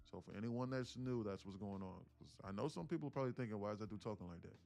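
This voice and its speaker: A man's voice: on the low side, expressive, fast talker, vocal fry, a little mellow, faint music behind. A man hosting a day-trading livestream in a loose, chatty way, swearing casually and answering his chat, sitting about a foot from his mic.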